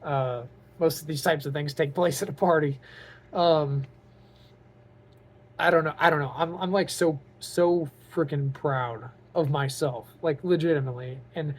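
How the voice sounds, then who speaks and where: A man's voice: fairly high pitch, steady tone, unhurried. A man talking to camera in a casual vlog, earnest and openly emotional, rambling with lots of "like" and "you know". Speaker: vlogger and aspiring author.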